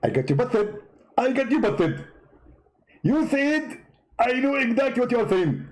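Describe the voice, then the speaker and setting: Guy doing a smug preacher voice, squeaky and boasty, all over the place. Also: sing-song, a little slow, heavily acted, poor audio. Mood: gloating. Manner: pompous, gloating, high-pitched. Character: boastful smug male preacher, mocking impression.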